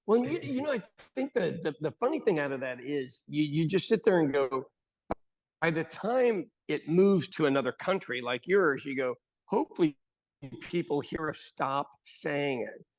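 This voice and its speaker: Gravelly-voiced American man. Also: fairly high pitch, normal speed. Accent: General American. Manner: animated storytelling with acted-out quotes. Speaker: podcast co-host. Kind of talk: casual chat.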